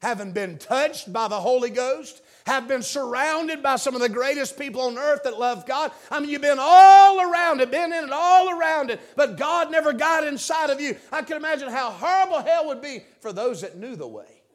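A man preaches in church with a strikingly high-pitched voice. He delivers a fervent revival sermon, moving from hushed, low asides to loud shouted appeals to the congregation. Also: animated, normal speed, few pauses.

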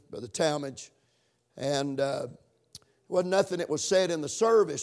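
A man preaching a sermon and praying, halting with fillers, stretching key words and rising in pitch for emphasis. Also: darkish tone. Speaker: pastor.

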